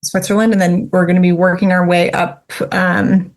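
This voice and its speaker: A woman guest on a podcast interview, friendly and hesitant, filling pauses with ums. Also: on the low side, level tone. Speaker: guest filmmaker. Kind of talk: casual interview chat.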